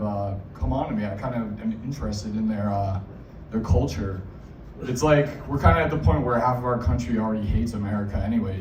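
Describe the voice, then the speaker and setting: On a small bar stage, a young comic from Massachusetts rambles through a crude set full of filler words. His voice is medium in pitch and a bit mellow, with a little hiss or hum. The sound is echoey, recorded from a distant mic.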